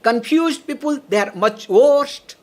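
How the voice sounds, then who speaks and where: Woman giving a lively spiritual lecture. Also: fairly high pitch, slow pace. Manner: checks in with listeners often, laughs between points. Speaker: swami teaching Vedanta.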